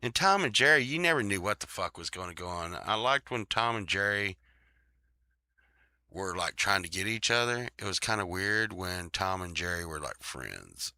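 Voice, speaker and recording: A man's voice: low-pitched, expressive, moderate pace, sharp tone, dry recording. A man hosting a show in casual chat, rambling, swearing freely and laughing often.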